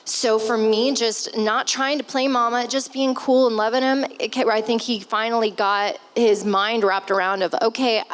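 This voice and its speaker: A woman's voice: a little high, fairly even intonation, moderate pace, few pauses, poor audio. A woman in her thirties speaking candidly as a stepmother on a podcast, heartfelt and close to tears, with sighs and the odd swear word. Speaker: stepmother guest on a family podcast. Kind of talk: candid conversational talk.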